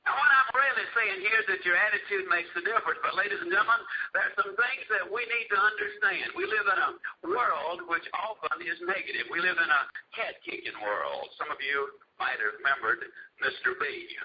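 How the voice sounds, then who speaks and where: A man giving a motivational speech as an animated, dramatic storyteller. The recording is dull and lo-fi with a faint hiss. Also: high-pitched, fairly quick. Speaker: motivational speaker.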